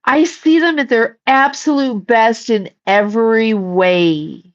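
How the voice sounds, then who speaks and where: A woman's voice: fairly high pitch, takes it slowly, lo-fi sound. A woman casually chatting on a livestream, blunt and swearing freely while reading the chat and shooing her cat.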